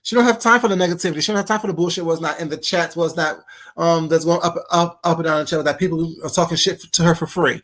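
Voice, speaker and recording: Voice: medium pitch, quick pace, fairly bright tone. A commentator talking casually and animatedly over a played clip, calling the listeners baby and honey. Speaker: reaction commentator.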